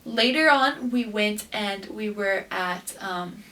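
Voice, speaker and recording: A young woman vlogger telling a personal story casually, acting out what people said with animated excitement. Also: mid-range voice, slow pace, far from the mic. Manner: animated, acts out quotes with breathless excitement. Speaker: beauty queen vlogger.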